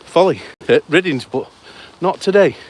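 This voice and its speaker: A man, out of breath, hosting a live outdoor event by a lake. His voice sits a little high and he talks in a chatty, breathless rush. The sound is a rough outdoor camera mic. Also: expressive, normal speed, a little mellow. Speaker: host. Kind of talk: live on-the-move commentary.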